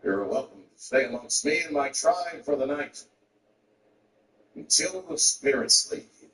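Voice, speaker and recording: A calm, solemn older chief speaks slowly and gravely, as a comedian puts him on. His words come from a distance in a roomy hall, with faint noise underneath. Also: mid-range voice, voice pushed down. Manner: slow and measured.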